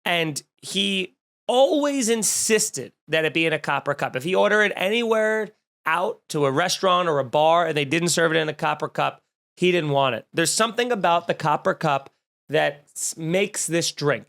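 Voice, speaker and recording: Snarky guy ranting on his podcast, kinda higher voice, rambles and jumps around. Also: normal speed, creaky. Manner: snarky, rambling, animated storytelling. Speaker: podcast host, comedian. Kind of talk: casual comedic rant.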